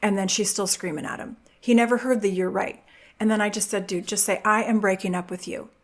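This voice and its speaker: A woman's voice: medium pitch, a little fast. A middle-aged woman hosting a podcast, giving relationship advice and acting out quoted voices as she tells stories. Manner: animated storytelling, acts out quoted voices. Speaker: podcast host.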